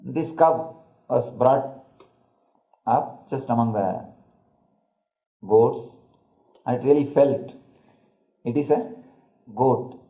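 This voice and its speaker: A man, a spiritual teacher, telling a parable in a slow, deliberate discourse. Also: mid-range voice, dark tone. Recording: roomy hall echo.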